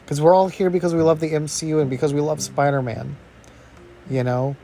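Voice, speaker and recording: A man hosting a podcast, giving a casual, excited movie review, rambling with lots of "bro" and "you know". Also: a little high, brisk, a little hiss or hum. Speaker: podcast host reviewing a film.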